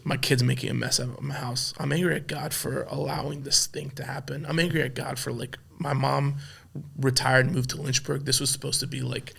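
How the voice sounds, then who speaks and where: Gravelly, husky-voiced man sharing candidly. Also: medium pitch, little pitch movement. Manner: soft-spoken, halting, many restarts and fillers. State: emotional, choked up. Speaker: pastor and podcast guest. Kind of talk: candid conversational storytelling.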